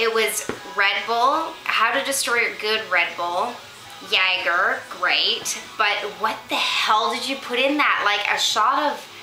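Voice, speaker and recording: A woman's voice: mid-range voice, slow pace, pushed and bright, reverberant, faint music behind, poor audio. A woman vlogging unscripted from her condo, rambling with lots of ums and laughs. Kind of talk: unscripted casual chat to camera.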